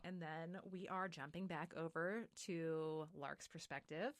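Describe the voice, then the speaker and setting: A woman's voice: fairly low pitch, steady tone, a little slow, hardly any pauses, no room sound, clean studio sound. A woman co-hosting a casual podcast, recapping a novel and acting out the characters' lines. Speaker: podcast co-host. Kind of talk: casual book recap chat.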